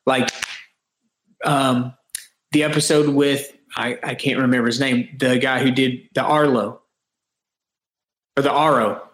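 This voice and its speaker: A man's voice: mid-range voice, fairly even intonation, a little slow, pauses often, fairly bright tone. A man guesting on a podcast, talking earnestly and reflectively in long runs with frequent restarts. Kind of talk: casual interview chat. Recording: roomy echo.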